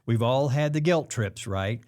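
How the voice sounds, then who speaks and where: A man hosting a self-help talk, explaining things in a calm way and acting out the quoted pressure lines. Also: mid-range voice, measured pace. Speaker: host.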